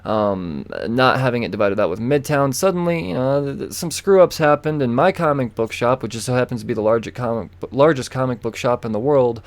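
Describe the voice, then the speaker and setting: A man's voice: mid-range voice, expressive, brisk, hardly any pauses. A man hosting a casual solo podcast, rambling and chatty, repeating himself and breaking off into asides. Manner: rambling, chatty, self-interrupting with fillers and repeats. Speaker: podcast host. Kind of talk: casual solo comic book chat.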